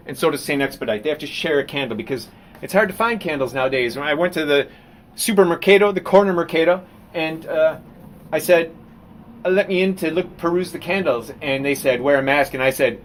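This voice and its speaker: A man's voice: a little high, a little fast. A man, a painter, rambling through a live-stream monologue at his desk, theatrical and self-mocking, breaking into rants and reading aloud.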